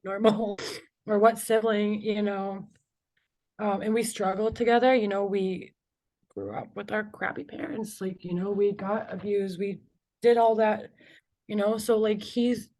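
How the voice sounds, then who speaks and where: A young woman, an interview guest, telling a personal story in halting speech full of "like" and "you know", with nervous laughs between emotional moments. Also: mid-range voice, fairly even intonation, darkish tone.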